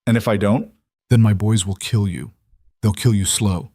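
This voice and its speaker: A man's voice: fairly low pitch, normal speed, mellow, dry recording, clean studio sound, lightly acted. A man voicing a ruthless, mocking outlaw gang leader in a western story, with a taunting, menacing delivery. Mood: mocking menace. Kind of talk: audiobook story narration.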